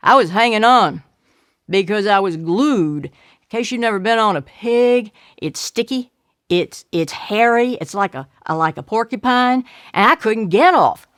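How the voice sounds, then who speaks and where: A woman's voice: mid-range voice, a little slow, no echo. Older lady telling a family story, does all the voices, super dry close sound. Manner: animated, acting out shouts and voices of family members. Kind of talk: storytelling a childhood memory.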